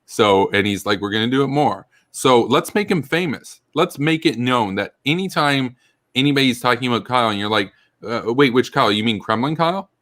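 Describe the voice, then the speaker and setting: A man's voice: medium pitch, animated, fairly quick, a bit bright, dry recording. A man hosting a political commentary chat, heated and ranting, swearing freely as he talks.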